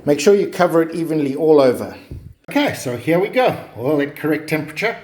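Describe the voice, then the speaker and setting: A man's voice: on the high side, animated, a little fast, darkish tone. Chatty man cooking in an echoey kitchen. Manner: chatty, joking. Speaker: cooking vlogger. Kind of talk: casual cooking demonstration.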